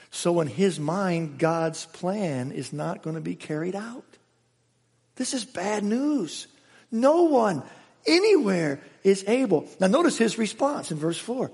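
Dramatic preacher in a reverberant hall. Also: male voice, sits high, slightly rough. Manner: dramatic, swings from loud exclamations to hushed asides. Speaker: pastor. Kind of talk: sermon. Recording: echoey hall with long reverb.

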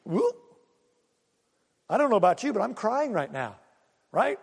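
A man preaching a sermon, animated and full of rhetorical questions and acted-out asides to the congregation. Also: high voice, measured pace, breathy edge, long reverb tail. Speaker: pastor.

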